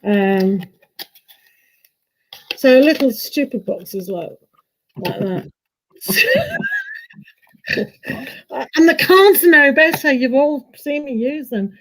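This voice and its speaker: A woman chats casually to her live stream viewers, laughing often and poking fun at herself. Her voice sits a little high. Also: animated, very slow, long pauses, rough recording. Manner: chatty, laughs often, self-mocking. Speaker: tarot reader and live stream host.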